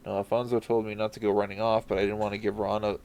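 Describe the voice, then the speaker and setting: A man voices a scared little boy from a game, apologetic and halting. The reading stays close to his own low voice. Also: level tone, darkish tone, a little hiss or hum, natural voice. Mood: anxious.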